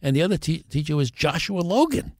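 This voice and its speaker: An older man, a guest actor on a podcast, telling lively anecdotes and acting out the voices of the people in them. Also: a little high, fairly quick, dry recording, studio quality. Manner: animated anecdotes, acting out the other voices in his stories. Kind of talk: podcast interview storytelling.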